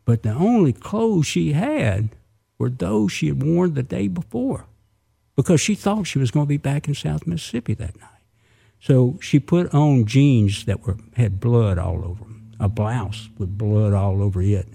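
Male storyteller, dramatic oral delivery, raspy and gravelly. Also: medium pitch, expressive, moderate pace, mellow. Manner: vivid, with sound effects and asides to listeners.

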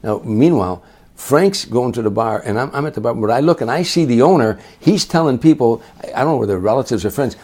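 Husky, mellow older man. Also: mid-range voice, fast. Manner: lively storyteller who acts out other people's voices. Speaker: comedian guest. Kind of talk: anecdotal storytelling.

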